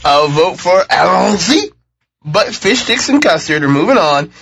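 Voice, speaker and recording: A man with a high, bright, forceful voice hosts a relaxed podcast panel. He runs the rounds of votes and muses aloud about his picks. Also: a little slow, vocal fry, slight background noise. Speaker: podcast host. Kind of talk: casual panel chat.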